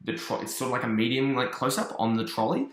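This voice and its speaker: A man's voice: mid-range voice, echoey room. Chatty man recapping a cartoon episode. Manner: chatty, animated storytelling with quick asides. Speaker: reviewer. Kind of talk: casual episode recap and review.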